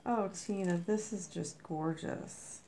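Slow, gravelly, gushing woman vlogger. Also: dark tone, slight background noise. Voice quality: squeaky. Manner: gushing, effusive. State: under the weather. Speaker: vlogger opening mail. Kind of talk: casual unboxing chat.

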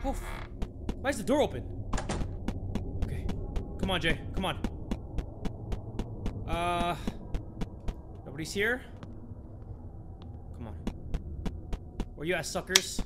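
A man's voice: high-pitched, sing-song, slow, long pauses, very noisy. A young man playing a horror game, talking to viewers in a jittery, self-mocking, chatty way. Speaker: gaming youtuber.

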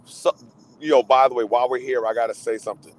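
A man hosting a radio show, chatting casually about movies and getting excitable, often repeating himself and trailing off mid-thought over a remote call. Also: mid-range voice, fast, rough recording. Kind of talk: casual chat.

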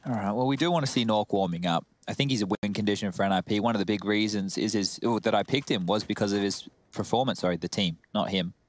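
A man commentating esports, calling the action and breaking down plays in a steady, analytical way with dry jokes. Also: lowish voice, fast talker, hardly any pauses, no room sound. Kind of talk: live esports play-by-play and analysis.

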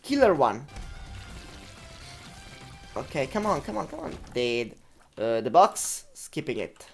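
A young woman commentating her own video game run, laughing often, swearing and reacting loudly. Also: a bass voice, very animated, slow pace, soft background music. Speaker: gameplay commentator. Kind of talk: let's play commentary.

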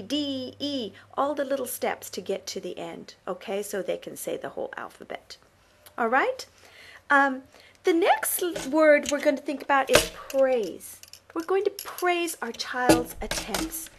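Upbeat woman coaching parents, fairly high voice. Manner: upbeat, coaching tone with frequent check-in questions. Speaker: presenter teaching parents. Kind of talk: instructional talk to camera.

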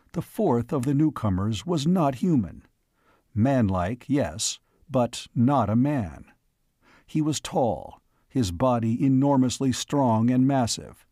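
A man with a mid-range voice reads a classic science fiction story in a measured, steady way. The recording is dry with no room sound. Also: medium pitch, no room sound. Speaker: audiobook narrator. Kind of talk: scripted narration.

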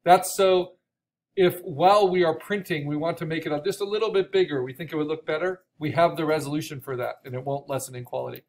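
Man lecturing, raspy from a cough. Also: a little high, steady tone, a little fast. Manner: explanatory, with frequent restarts and "right?" checks. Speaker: art instructor. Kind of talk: recorded online course lecture.

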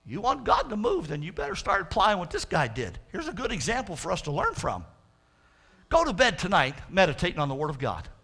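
High gravelly preacher man. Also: wildly swooping pitch, pushed and bright. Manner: fervent preaching, drawn-out emphatic quotes. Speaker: pastor. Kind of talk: sermon.

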